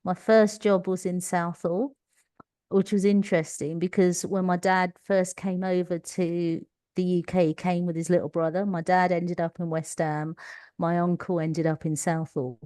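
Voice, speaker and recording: A middle-aged woman with a Cockney accent talks through her own stories in an easy, chatty way and laughs often. Her voice sits fairly low, and it is recorded dry and close. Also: flat delivery, normal speed, mellow, smooth, no echo. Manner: chatty storytelling with frequent laughter. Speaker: guest. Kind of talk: conversational interview.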